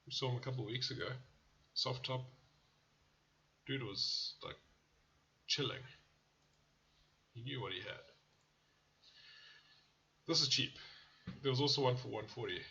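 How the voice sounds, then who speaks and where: A man's voice: mid-range voice, creaky, sharp tone, muffled recording. A man hosting a car channel, casually reviewing car ads in a blunt, profane way that often turns into rants. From South Africa.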